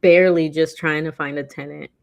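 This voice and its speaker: A woman's voice: deep voice, steady tone, a little fast, vocal fry. A woman co-hosting a casual chat, talking loosely with lots of fillers and acting out quotes animatedly. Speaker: podcast co-host.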